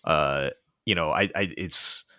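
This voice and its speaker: Dry, bright-voiced man chatting on a podcast. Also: a bass voice, slow pace, no room sound. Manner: laughs often, wry asides. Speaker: podcast host. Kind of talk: casual chat.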